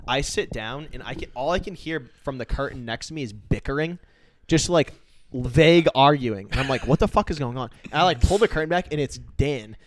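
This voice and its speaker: A man's voice: mid-range voice, animated, brisk. A man with a Boston accent telling a story in casual chat, wry, laughing and swearing. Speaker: podcast guest.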